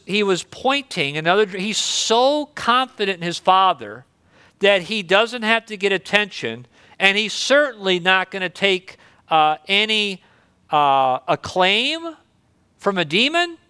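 A male pastor with a high, bright voice preaches in an earnest, conversational tone. His voice is smooth and clear, and the recording is close and dry. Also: no room sound. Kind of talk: sermon.

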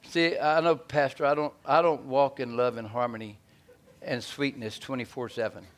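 A man preaching a sermon in a folksy, animated way, swinging from loud to hushed. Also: medium pitch, normal speed.

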